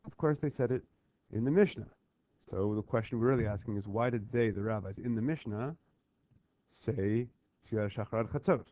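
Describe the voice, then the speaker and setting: A man teaching a text lesson, lively and persistent as he drills key phrases and keeps checking that students follow. His voice sits at a middle pitch. The recording is close and dry, with a slightly dull, lo-fi tone. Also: no echo. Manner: animated, chanting call-and-response drills and pausing to check understanding. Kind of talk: explaining a worksheet on a Talmud text.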